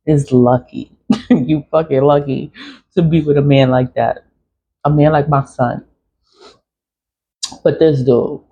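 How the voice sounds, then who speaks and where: Middle-aged New woman, husky mellow voice, blunt and profane, venting casually on dull lo-fi audio. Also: deep voice. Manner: blunt, swearing, venting with laughs. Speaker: vlogger. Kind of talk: casual personal storytelling.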